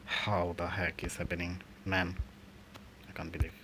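A man's voice: sits low, flat delivery, moderate pace, a bit bright, a little hiss or hum. A young man commentating his football video game in frustration, swearing often and grumbling. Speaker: gaming channel host.

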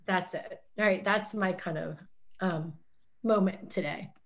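A woman's voice: fairly low pitch, unhurried. A woman from Canada hosting a panel talk over a video call, speaking openly and emotionally, her voice lifting when she is moved. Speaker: host.

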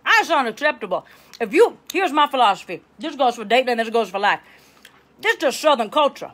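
A woman plays a middle-aged Southern hostess with a Louisiana drawl, handing out bossy life tips on a comedy livestream. Her voice sits high, and she chatters in loose tangents, checking in with her viewers. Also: lively intonation, brisk, fairly bright tone. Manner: chatty, bossy, tangents, keeps asking okay. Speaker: host of a live advice show.

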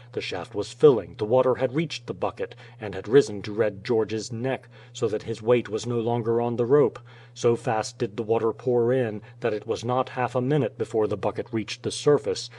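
A man reading an adventure story aloud as an audiobook narrator, in a steady storytelling manner. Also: on the low side. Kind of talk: scripted narration.

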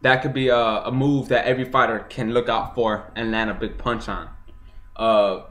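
Excitable young guy recapping a boxing fight. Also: mid-range voice, normal speed. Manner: excitable, swears a lot, acts out punches with sound effects. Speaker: boxing vlogger. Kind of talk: casual fight recap monologue.

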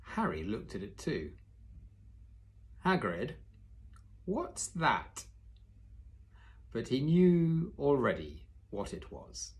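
A man reading a children's novel aloud in a steady storytelling manner, now and then correcting his own slips. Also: mid-range voice, measured pace, few pauses. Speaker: reader.

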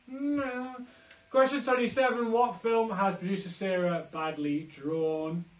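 Quiz host man, upbeat and tangent-prone, slightly high voice, echoey room, faint music. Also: fairly even intonation, moderate pace. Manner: chatty, jokey, goes off on tangents. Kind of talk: live online pub quiz hosting.

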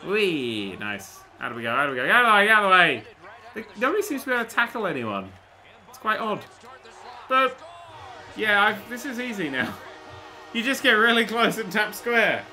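A man commentating on a video game he is playing, excitable and sweary with jokey exclamations. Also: high-pitched, moderate pace, pauses often. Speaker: gaming YouTuber. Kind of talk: let's-play commentary. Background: faint game music.

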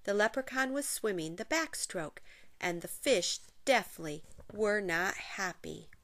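A woman's voice: medium pitch, animated, unhurried, fairly bright tone. A woman reading a children's picture book aloud, expressively, with playful sound effects. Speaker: narrator.

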